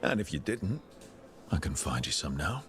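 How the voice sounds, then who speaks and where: A man's voice: very deep voice, very animated, moderate pace, a bit bright, exaggerated voice. An actor playing a playful, flirtatious male hero in a video game. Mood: flirty. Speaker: player character. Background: game music.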